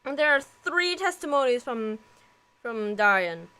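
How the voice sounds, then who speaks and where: A woman co-streaming a game, chatting casually and unhurried. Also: a little high, big pitch swings, bright, forceful tone, clear, resonant tone. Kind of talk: casual let's-play chat.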